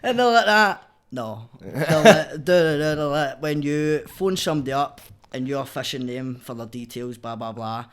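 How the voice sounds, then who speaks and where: A man's voice: mid-range voice, lively intonation, normal speed. A young man with a Glaswegian accent, telling his story as a podcast guest in blunt, sweary casual chat. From Scotland.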